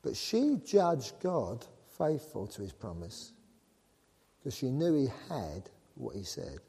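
A man preaching a sermon, animated and joking with the congregation. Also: medium pitch, slow, husky. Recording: long reverb of a large hall.

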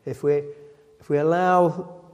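A man delivers a sermon in a mellow, relaxed voice that sits a little high. He reads scripture aloud, then unpacks it with repeated phrases and quick self-corrections. His voice rings with a long reverb, as in a church hall. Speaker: preacher.

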